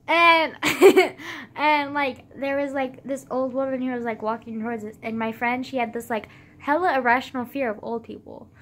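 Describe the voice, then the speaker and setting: A teenage girl chats to her phone camera in a loose, rambling vlog. She strings thoughts together with endless "like"s and casual swearing. Her voice sits a little high. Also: steady tone, unhurried. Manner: rambling, full of "like", swears freely. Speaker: vlogger.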